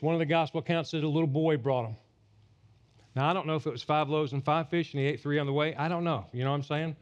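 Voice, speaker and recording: A pastor delivering a sermon at a church service, animated and teasing the congregation. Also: male voice, fairly high pitch, fast talker, lo-fi sound.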